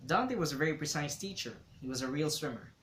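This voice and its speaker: A man's voice: on the high side, animated, quick pace, a bit bright, a little hiss or hum. A man reading a novel aloud, telling the story in a reflective first-person way. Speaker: reader. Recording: roomy echo.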